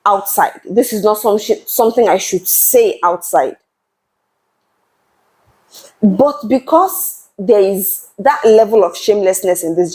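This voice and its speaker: A woman's voice: mid-range voice, dark tone, rough recording. A young woman, speaking to camera as a channel host in a passionate, emphatic way and often repeating words as she builds her point. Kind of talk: earnest talk-to-camera commentary.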